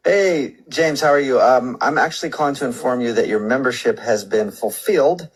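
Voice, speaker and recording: A man hosting a radio show, running a deadpan prank phone call in a calm, mock-polite customer-service manner. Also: mid-range voice, normal speed, husky.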